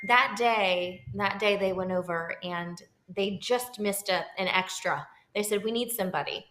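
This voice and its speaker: A woman in her thirties from Florida, an actor telling animated stories as an interview guest and acting out the people she quotes. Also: medium pitch, moderate pace, few pauses. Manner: lively, expressive, acts out quoted people. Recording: roomy echo.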